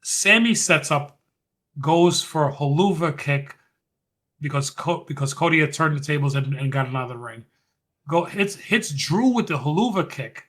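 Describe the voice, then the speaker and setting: A man hosting a podcast, recapping a match in casual chat. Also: fairly high pitch. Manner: animated, fast-running recap. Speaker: podcast host.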